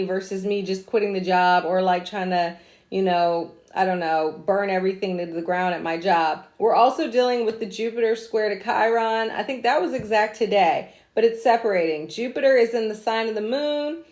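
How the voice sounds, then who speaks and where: A woman's voice: mid-range voice, moderate pace, a little mellow. A woman hosting a casual astrology livestream, chatty and slangy, drifting into asides and laughing at herself. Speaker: astrology host.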